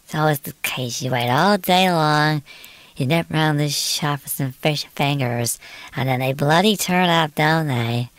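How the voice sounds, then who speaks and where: This is casual gameplay commentary from a British woman who talks to her stream, exclaims, and mutters under her breath while playing. Her low-pitched voice runs a little slow in a dry recording.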